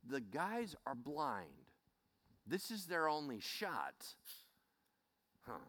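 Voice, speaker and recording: A man preaching a Bible teaching in an animated way, acting out scenes as he speaks. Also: fairly high pitch, extremely slow. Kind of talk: sermon.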